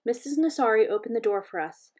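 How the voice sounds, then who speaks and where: A woman reading a children's chapter book aloud in a gentle, measured storytelling voice. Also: a little high, expressive. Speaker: reader.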